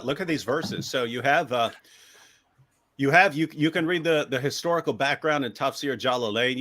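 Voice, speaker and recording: Animated sarcastic man, bright forceful voice. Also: medium pitch. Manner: animated, sarcastic, acts out quotes. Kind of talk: critical commentary.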